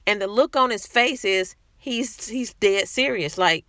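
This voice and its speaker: A woman's voice: medium pitch, a little slow, fairly bright tone, no room sound, studio quality. A woman talking candidly to camera in a casual vlog, speaking conversationally and restarting her sentences often. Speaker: vlogger sharing personal experience.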